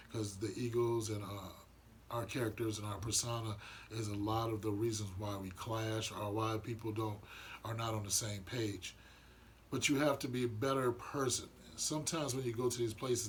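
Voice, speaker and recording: A male vlogger shares his spiritual views in an earnest, wandering, reflective monologue, often starting his sentences over. His voice is mid-range, with a bit of background noise.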